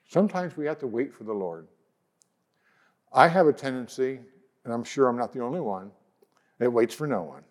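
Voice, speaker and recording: Male pastor, mid-range voice, earnest sermon delivery with gentle scripture readings. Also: mid-range voice, animated. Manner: earnest preaching, reads scripture slowly and softly.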